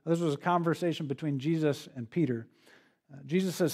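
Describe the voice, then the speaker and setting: Man preaching, fairly high voice. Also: fairly quick, a little mellow. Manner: conversational, with frequent "right?" tag questions. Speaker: pastor. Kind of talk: expository sermon.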